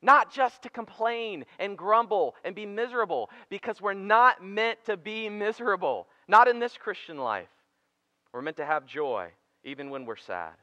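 A man preaching a conversational sermon, joking with the congregation between quiet and emphatic passages. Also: sits high, very animated, normal speed, no room sound. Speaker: pastor. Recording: dry, muffled church sermon recording.

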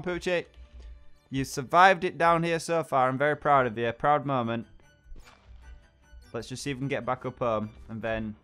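A young man chatting excitably as he plays a game, talking to his pet along the way. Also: medium pitch. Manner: chatty and excitable, talks to his pet dog, exclaims at surprises. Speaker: gaming channel host. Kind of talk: let's play commentary.

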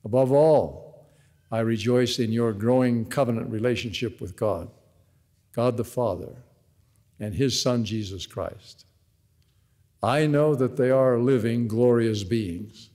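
Man at a lectern, mid-pitched, measured and earnest devotional sermon, long reverb from a big arena. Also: warm tone. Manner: measured, earnest, reads scripture aloud. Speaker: devotional speaker. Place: large university arena.

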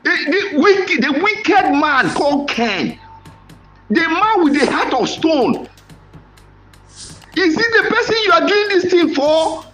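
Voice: very high voice, sing-song, slow, long pauses, fairly bright tone, faint music behind. A commentator with a Nigerian accent, giving impassioned voice-note commentary, dramatic and lamenting, repeating phrases and exclaiming. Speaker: online commentator.

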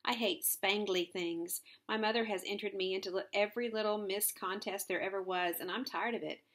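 A woman's voice: medium pitch, steady tone, fairly quick, a bit bright, close to an everyday voice. A woman voicing a tough, scornful young girl who talks bluntly and bossily.

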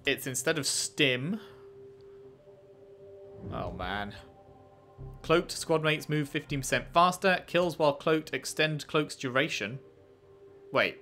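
A man's voice: a little high, animated, slow, pauses often, fairly bright tone, soft background music. A man giving casual let's-play commentary, chatty and playful, reading menus aloud and bantering with the game. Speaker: gaming commentator.

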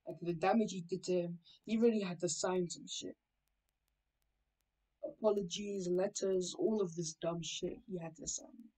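A woman's voice: fairly low pitch, steady tone, normal speed, warm tone, rough recording. Rambling, swearing woman storyteller. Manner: rambling, swears, corrects herself. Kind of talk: casual fan-story narration.

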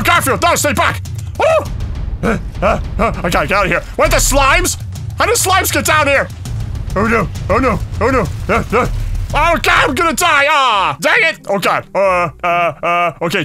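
A man giving frantic, panicky gameplay commentary, yelping and shouting between rambling fillers, with faint music behind him. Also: high-pitched. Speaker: gaming YouTuber.

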